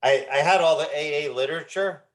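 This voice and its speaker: A fifty-something founder of a recovery movement appears on an interview podcast, recounting something personal with candor. He talks fairly fast in a somewhat high voice, starting over often and doubling up on words.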